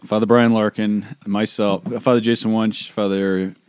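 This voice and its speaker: Low-voiced man reminiscing, dry and close. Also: little pitch movement, normal speed, darkish tone, clear, resonant tone, dry recording. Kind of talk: casual podcast chat.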